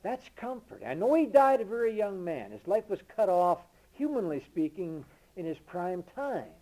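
A man preaching a sermon with emphasis, rising to loud declarations and dropping to low murmurs, reading scripture slowly and deliberately. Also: big pitch swings, rough recording. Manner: reads King James scripture slowly and deliberately.

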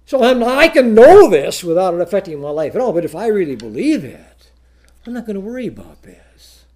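A man preaching a sermon, rising to loud peaks and dropping low, quoting old-style scripture slowly and deliberately. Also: big pitch swings. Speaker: pastor.

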